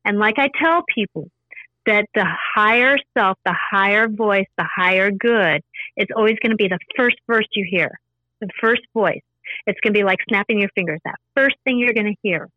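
A woman's voice: medium pitch, normal speed, no room sound, muffled recording. A woman talking earnestly in a casual interview, explaining her spiritual practice in a repetitive, teaching way. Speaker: spiritual intuitive guest.

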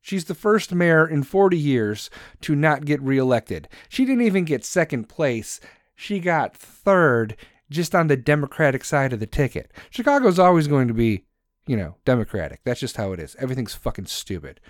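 A fairly high-voiced man rants in a profane, sarcastic monologue, his pitch swinging up and down as he gets worked up. The sound is dry and close, with no room around him. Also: sing-song, normal speed, no echo. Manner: heated, sarcastic, swears constantly; mocks others in put-on voices.

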